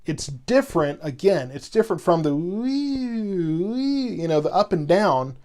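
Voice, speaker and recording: His fairly high voice is animated, brisk and darkish as he hosts live severe weather coverage. Explaining at length, he rambles, starts over repeatedly and repeats himself, patiently responding to chat.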